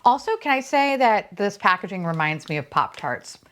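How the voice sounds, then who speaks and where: Gushing young woman with a lively pitch. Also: normal speed. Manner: gushing, swears playfully, coos at toys; swings between high squeals and low asides. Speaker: unboxing vlogger. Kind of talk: casual unboxing chat.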